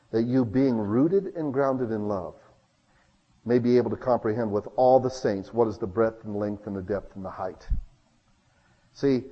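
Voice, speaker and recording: A man preaching a sermon as pastor, talking conversationally and swinging between loud emphasis and hushed asides. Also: medium pitch, in a large hall, highs cut off.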